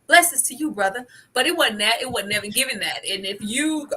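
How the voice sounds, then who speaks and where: Bright, sassy woman co-host. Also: fairly high pitch, slight background noise. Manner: animated, sassy, quick jumps in loudness. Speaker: podcast co-host. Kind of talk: casual reaction chat.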